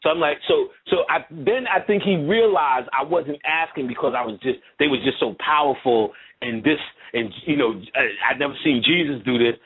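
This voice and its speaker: Husky-voiced man on a tinny line. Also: medium pitch, normal speed, few pauses. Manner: loose, profane, rambling with frequent asides. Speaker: lecturer. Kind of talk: casual conversational storytelling.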